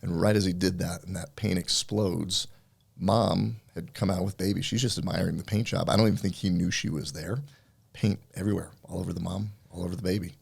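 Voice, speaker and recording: Middle-aged male guest, deep gravelly husky voice, lively storyteller doing voices. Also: fairly quick. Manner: animated storyteller acting out voices. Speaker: guest, entrepreneur. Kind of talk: storytelling in casual interview.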